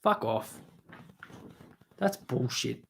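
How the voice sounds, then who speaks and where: A man's voice: medium pitch, animated, extremely slow, gravelly, fairly bright tone, slight background noise. A man with an Australian accent chatting and ranting casually on a stream, swearing often. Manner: ranting, swearing, mumbling asides. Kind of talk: casual profane stream chat.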